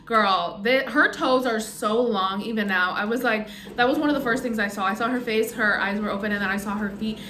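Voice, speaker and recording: A woman's voice: mid-range voice, moderate pace, bright, forceful tone, a little hiss or hum. A young woman vlogger casually telling her birth story, rambling with lots of "um" and "like". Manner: rambling, many fillers like "um" and "like". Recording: roomy echo.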